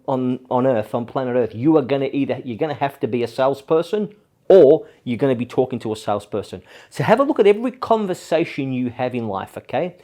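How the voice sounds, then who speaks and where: A man's voice: mid-range voice, dark tone. A man hosting a business advice show, talking energetically and persuasively, often ending points with "okay?". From Australia. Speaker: host.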